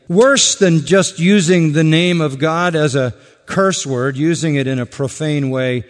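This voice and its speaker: Slow, emphatic male preacher. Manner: emphatic, repetitive, drops soft and low at line ends. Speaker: pastor. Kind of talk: sermon. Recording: long reverb of a hall.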